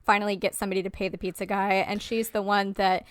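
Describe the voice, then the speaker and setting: A woman's voice: medium pitch, quick pace, no echo. A woman co-hosting a podcast, chatting casually, swearing freely and laughing often. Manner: profane, animated, laughs often. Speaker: podcast co-host. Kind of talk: casual chat.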